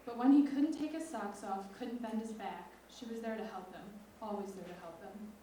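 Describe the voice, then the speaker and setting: A teenage girl with a mellow, dark-toned voice reads her lyric essay in a measured, expressive way. She is set back from the mic in a large echoing hall, with faint noise behind her. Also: medium pitch. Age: teens. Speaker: student writer. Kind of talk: reading a lyric essay aloud. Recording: echoey hall from far off.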